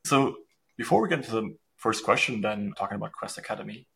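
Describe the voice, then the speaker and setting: A man's voice: lowish voice, lively intonation, quick pace, gravelly, fairly bright tone, husky. Chatty German podcast host, a man. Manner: chatty, joking, filler-heavy. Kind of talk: casual podcast interview.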